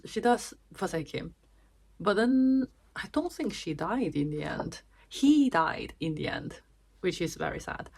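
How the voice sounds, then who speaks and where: A woman vlogger giving a chatty, casual summary of a book, with restarts and small laughs. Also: fairly low pitch.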